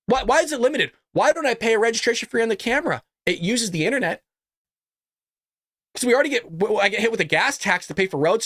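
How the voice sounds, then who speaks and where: Man, political commentary host, lively swinging pitch, fairly high voice, heated rant. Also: no echo, studio quality. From California. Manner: heated, animated ranting with rhetorical questions. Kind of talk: casual political commentary and ad read.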